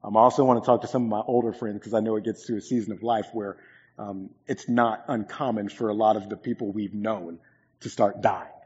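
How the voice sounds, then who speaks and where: A man's voice: on the low side, a little mellow, breathy edge. A man in his twenties preaching a sermon as pastor, earnest and conversational, with frequent "um"s. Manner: earnest, conversational storytelling with many fillers. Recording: echoey hall, dull lo-fi sound.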